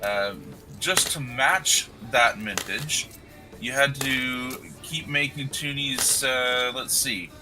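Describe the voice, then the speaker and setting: A man's voice: mid-range voice, takes it slowly, music in the background, rough recording. A man hosting a casual livestream chat who explains figures methodically and jokes about himself. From Canada. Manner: explains numbers methodically, self-deprecating. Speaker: host.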